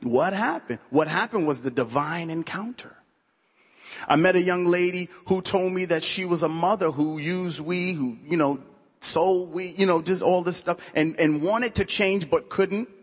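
A man's voice: high voice, normal speed, slightly rough, long reverb tail. A man, a pastor, telling his own testimony during a sermon in a conversational, storytelling way, full of "you know" asides. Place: church sanctuary.

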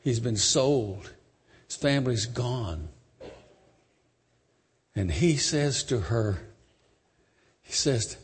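A man preaching a sermon, retelling a story dramatically, emphatic and swinging between loud and soft. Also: medium pitch, animated, extremely slow, pauses often, breathy edge, a faint crowd. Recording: long hall reverb.

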